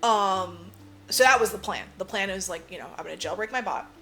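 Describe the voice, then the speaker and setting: A woman with a bright, forceful voice chats casually on a podcast, retelling a movie scene by scene. She swears freely, leans on "like" and acts out each character's lines in turn. Faint music plays underneath. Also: medium pitch, brisk. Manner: animated storyteller acting out characters' lines; swears freely, lots of "like" fillers. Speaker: podcast co-host. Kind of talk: casual movie recap chat.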